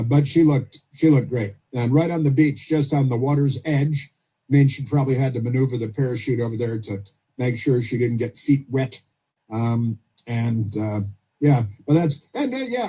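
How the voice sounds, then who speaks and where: Husky male talk radio host, sarcastic. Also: medium pitch, warm tone. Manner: halting, full of fillers and restarts, sarcastic asides. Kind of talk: opinionated talk radio commentary.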